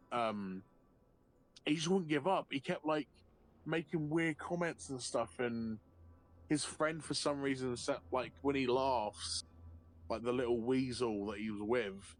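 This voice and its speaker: A man's voice: medium pitch, poor audio. Sweary man telling a story. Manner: animated and sweary, acting out quotes and laughing often. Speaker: guest on a live stream. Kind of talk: casual storytelling chat.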